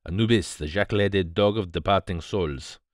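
A shrewd, fussy little detective from a storybook, precise and measured with a quiet theatrical touch, as a male reader puts him on. The voice is low and sits close and dry. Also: no echo, lightly acted. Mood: ominous.

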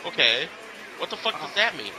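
A man's voice: fairly high pitch, very animated, normal speed, bright, forceful tone, a little hiss or hum, low-quality recording. A man co-hosting a casual chat, teasing and swearing freely. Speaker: co-host. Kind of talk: casual chat over match footage.

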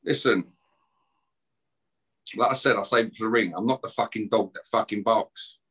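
A man's voice: lowish voice, normal speed, fairly bright tone, breathy edge. A middle-aged man, guest on a podcast, ranting aggressively and swearing and taunting as he talks. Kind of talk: heated podcast rant.

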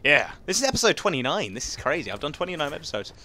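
Excitable young Englishman, quick high voice. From England. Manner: excitable, rambling, chatty, laughs often. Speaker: gaming commentator. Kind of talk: casual gameplay commentary.

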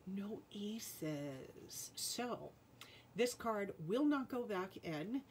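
Rhode Island woman hosting a live jewelry sale; unhurried, friendly chatter, calls out names and cards, faint room hum. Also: medium pitch, animated, a little mellow. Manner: chatty, reads out viewer names and playing cards. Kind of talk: live-stream sales chat.

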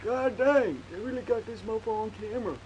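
A young man hosting a reaction video from a small room at home, loud and excitable, full of slang. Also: high voice, brisk, lo-fi sound, noisy background. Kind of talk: casual reaction commentary.

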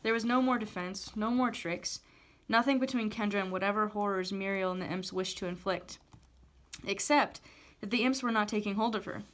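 A woman teacher reads a chapter of a novel aloud at normal speed and mid pitch, telling the story in an even, plain, steady way.

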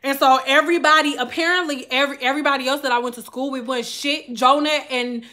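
High bright-voiced woman telling a story. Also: fast. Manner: animated, candid and profane, addressing viewers directly. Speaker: vlogger and hair stylist. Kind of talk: casual storytelling to camera.

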